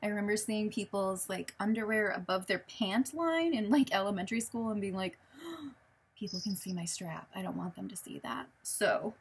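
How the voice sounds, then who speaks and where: A woman's voice: mid-range voice, slightly rough. A woman, chatting casually in a show-and-tell vlog, rambling with many ums and self-corrections. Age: late 20s. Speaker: vlogger.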